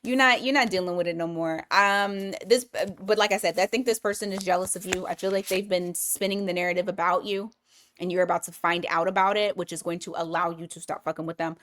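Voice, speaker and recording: A woman's voice: fairly low pitch, fairly even intonation, fairly quick, fairly bright tone. A woman giving a casual weekly tarot reading, blunt and profane, thinking aloud as she pulls cards. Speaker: tarot reader.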